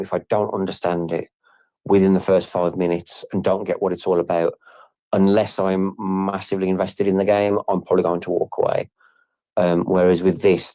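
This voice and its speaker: A man talks through his team's project on a casual group audio chat. His voice sits low and sounds mellow and relaxed. He often stops, repeats a word and fills the gaps with fillers. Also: dry recording. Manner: hesitant, many fillers and restarts. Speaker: game project team member.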